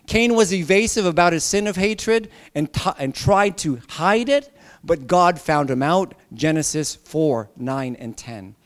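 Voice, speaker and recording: A male pastor preaching a sermon with emphatic repeats and joking asides. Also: on the high side.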